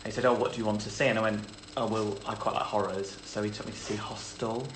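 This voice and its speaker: A young woman with a strikingly low speaking voice, chatting casually on a livestream. Her easygoing, teasing storytelling rings in an echoey room with clear background noise. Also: steady tone, quick pace. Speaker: co-host of a live video chat. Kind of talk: casual chat.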